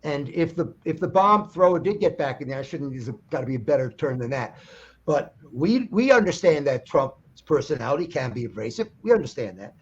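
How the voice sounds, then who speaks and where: A male guest songwriter in a casual political chat, emphatic and opinionated, with halting fillers. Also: on the high side, sing-song, breathy edge. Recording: dull lo-fi line.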